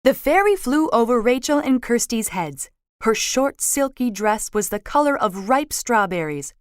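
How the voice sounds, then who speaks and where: A woman reading a children's storybook aloud, slow and expressive. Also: a little high, dry recording, studio quality.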